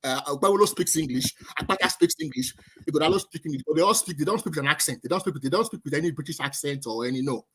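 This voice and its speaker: A man's voice: fairly high pitch, animated, rapid-fire, fairly bright tone, a little hiss or hum. A man, calling in to a discussion and arguing with many stammered restarts. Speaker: caller. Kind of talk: casual debate.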